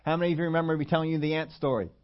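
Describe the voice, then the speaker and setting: A man's voice: fairly high pitch, fairly even intonation, very fast. A man preaching, telling a story in a chatty way, often quizzing his audience and restarting his sentences. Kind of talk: storytelling sermon. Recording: dull lo-fi recording.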